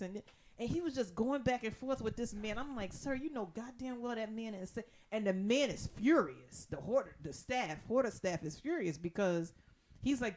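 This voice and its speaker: Animated woman telling stories. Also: on the high side, normal speed. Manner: animated storytelling, acts out voices, swears freely. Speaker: podcast co-host. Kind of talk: casual chat.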